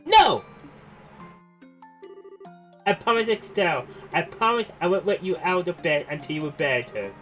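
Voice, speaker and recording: A man's voice: animated, brisk, few pauses, a bit bright, faint music behind. A man putting on a worried little girl's pleading voice. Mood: insistent. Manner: high, pleading, emotional. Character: earnest, caring young girl, a worried little nurse. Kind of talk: reading game dialogue aloud.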